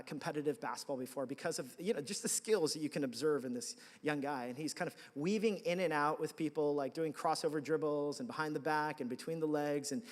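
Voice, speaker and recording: A man's voice: on the high side, big-room sound. A man preaching a sermon as pastor, telling stories conversationally with self-deprecating asides. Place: large church hall.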